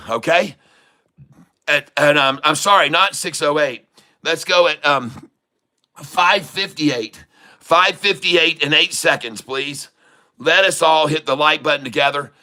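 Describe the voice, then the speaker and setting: A man hosting a live day-trading stream, shouting excitedly at the charts and talking to his chat. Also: a little high. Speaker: day-trading livestream host.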